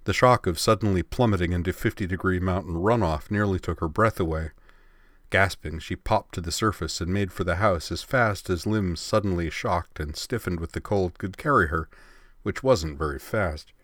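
Deep-voiced guy reading a story, measured and expressive, dry close sound. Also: no room sound. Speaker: narrator. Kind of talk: storybook narration.

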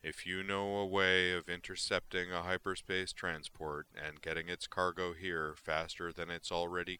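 Man reading hulking alien quartermaster, deep, dead-flat monotone, crisp edge, unhurried. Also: slight background noise, exaggerated voice. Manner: flat monotone, names his emotion before speaking. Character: massive slow male alien supply clerk.

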